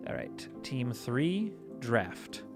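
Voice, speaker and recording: A man commentating live over a space strategy game, giving orders to his crew and reacting out loud as things go wrong. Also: medium pitch, drawn-out words, vocal fry, over music. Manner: excitable, talks to himself and his crew while playing. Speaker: gaming streamer.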